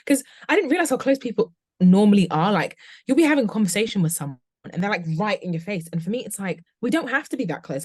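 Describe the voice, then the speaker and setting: Fast-talking young woman, dry sound. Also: medium pitch, darkish tone, no room sound. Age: 20s. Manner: talks in long candid runs with many "like"s. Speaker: podcast guest. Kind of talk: casual conversation.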